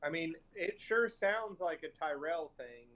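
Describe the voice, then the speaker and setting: Teasing man with a slightly high voice. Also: animated, a little slow, fairly bright tone. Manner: teasing, crude banter. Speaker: player. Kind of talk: casual tabletop game chat.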